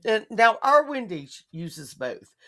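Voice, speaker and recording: A woman co-hosts a relaxed chat show and talks with a lot of movement in her pitch. She is blunt and animated and swears freely when she complains. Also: takes it slowly. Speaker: podcast co-host. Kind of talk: casual chat.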